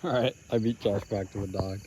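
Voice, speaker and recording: A man's voice: fairly low pitch, steady tone, a little fast, noisy background. A young man vlogging casually outdoors on a boat, upbeat and teasing. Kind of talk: casual outdoor vlog chat.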